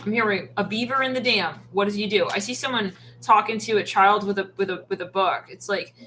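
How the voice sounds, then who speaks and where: A woman giving a channeled tarot reading, animated and acting out quoted voices as she goes. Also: medium pitch, brisk, background noise. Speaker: tarot reader.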